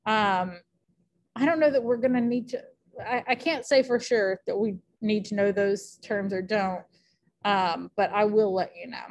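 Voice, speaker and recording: A woman's voice: medium pitch, a little slow. A woman teacher giving a casual recorded lecture, chatty and thinking aloud with many fillers.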